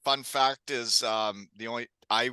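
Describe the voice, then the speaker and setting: A man's voice: mid-range voice, steady tone, measured pace, sharp tone, smooth, no room sound. A middle-aged man from Canada hosting a podcast, chatty and telling stories with frequent laughs. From Elmira, Ontario, Canada. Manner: chatty, laughs often, storytelling. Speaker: podcast host. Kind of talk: casual chat.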